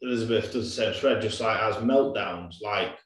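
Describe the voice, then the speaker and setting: A man, a father, talking loosely about parenting in a relaxed chat. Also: fairly low pitch, normal speed. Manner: relaxed, loose, many fillers. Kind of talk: casual chat. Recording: very echoey, off-mic.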